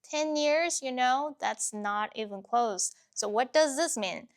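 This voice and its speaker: A woman with a fairly high voice teaches a language, walking through grammar point by point. Her delivery is clear and patient, like a lesson clip. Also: slow. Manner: clear, patient, explains word by word. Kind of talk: explanatory lesson narration.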